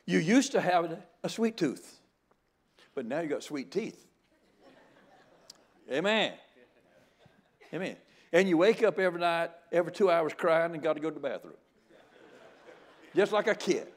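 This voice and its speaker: A man's voice: fairly high pitch, animated, a little slow, pauses often. Older man preaching a folksy, joking sermon. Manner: folksy and joking, with frequent stammered restarts. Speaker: guest preacher.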